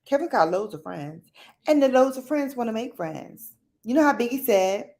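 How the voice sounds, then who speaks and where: A woman hosting a casual late-night livestream, chatting playfully with viewers in a slangy, animated way and acting out quotes. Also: a little high, moderate pace. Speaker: livestream host.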